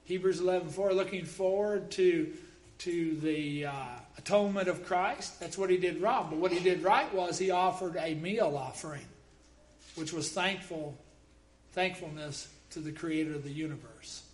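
A male preacher delivers a sermon in a fairly high voice. He is emphatic and quotes scripture often, with the odd wry joke tossed in. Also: moderate pace.

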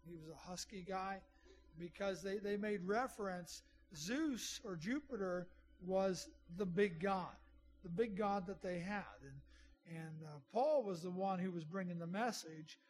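A man's voice: sits high, measured pace, slight background noise. A middle-aged man preaching a sermon in a conversational way, with asides to the congregation. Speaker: pastor.

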